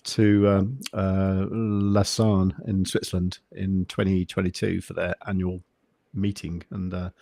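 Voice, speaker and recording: A man chatting as a podcast guest, even-toned and understated, with lots of hesitant restarts. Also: sits low, a little slow, vocal fry, no echo. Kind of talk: casual podcast chat.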